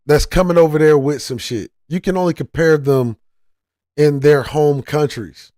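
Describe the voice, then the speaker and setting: A man's voice: a little high, lively intonation, takes it slowly, pauses often, a little mellow, no echo, studio quality. A man giving casual reaction commentary as a channel host, heated and profane, often restarting his sentences.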